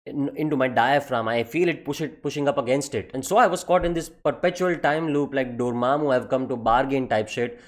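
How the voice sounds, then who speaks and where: A young man telling a comedic personal story in an animated, profane and exaggerated way. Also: mid-range voice, brisk, hardly any pauses.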